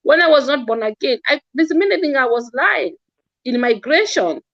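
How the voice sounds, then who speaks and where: A woman's voice: high-pitched, sing-song, normal speed, fairly bright tone, no room sound, lo-fi sound. A woman giving impassioned religious-political commentary, earnest and scolding, often repeating and stumbling over words. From Kenya.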